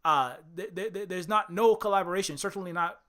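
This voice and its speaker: Man plays an aggrieved ex-guerrilla fighter, accusing, tone on the bright side. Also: high-pitched, fairly quick. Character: bitter middle-aged male ex-guerrilla fighter.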